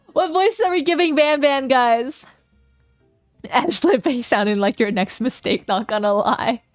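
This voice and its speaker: A woman's voice: high-pitched, slow pace, long pauses, no echo, soft background music. Playful woman streamer narrating a game. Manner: playful, laughs often, reads game text aloud.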